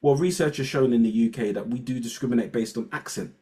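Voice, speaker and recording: A man's voice: medium pitch, quick pace, warm tone. A middle-aged man with a London accent, a guest educator in a casual podcast chat who acts out quoted snippets of dialogue. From England.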